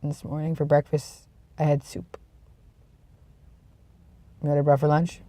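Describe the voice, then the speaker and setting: A vlogger with a cold, sniffly and tired, chatting casually to the camera in a rambling, self-deprecating way that trails off into low mumbles. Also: little pitch movement, normal speed, warm tone, no echo. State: sick with a cold, sniffly and congested; tired and yawning.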